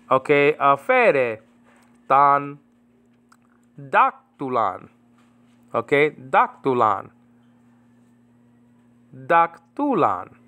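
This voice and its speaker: A man teaching New Testament Greek in a casual, rambling way, slowly repeating the Greek words and chuckling now and then. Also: a little high, a bit bright. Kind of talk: casual Bible Greek lesson.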